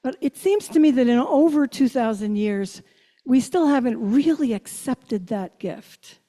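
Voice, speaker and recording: An older woman minister giving a reflective sermon, asking her listeners questions and slowing down on key phrases. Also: a little high, lively intonation, dark tone. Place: church sanctuary. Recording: long church reverb.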